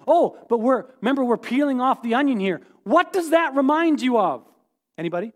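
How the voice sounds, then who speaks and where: A pastor preaching a sermon in a church, animated and playful, often quizzing the congregation, with echoey hall reverb. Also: male voice, very high-pitched, fairly quick. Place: church sanctuary.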